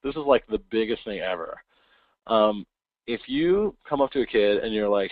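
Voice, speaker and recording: A man giving a casual webinar talk, acting out quick voices of kids and parents. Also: fairly low pitch, expressive, dry recording. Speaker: webinar presenter. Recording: tinny phone-like line, dry.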